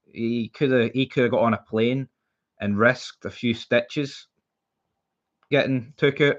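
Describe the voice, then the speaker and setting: A young Scottish man on a late-night football stream, blunt and fired up, swearing freely and circling back over the same points. His voice sits at a middling pitch, and the stream audio is dull and lo-fi. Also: a bit bright. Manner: blunt, heated, swears freely, repeats himself. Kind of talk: casual live-stream chat.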